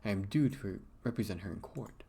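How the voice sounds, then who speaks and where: A man voicing a calm, formal male lawyer in a game, in a low, measured voice. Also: vocal fry, husky, exaggerated voice.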